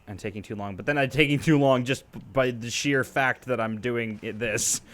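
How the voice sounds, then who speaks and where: A man's voice: mid-range voice, normal speed, a bit bright. A man co-hosting a casual gaming chat, teasing, swearing casually and laughing often. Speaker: co-host.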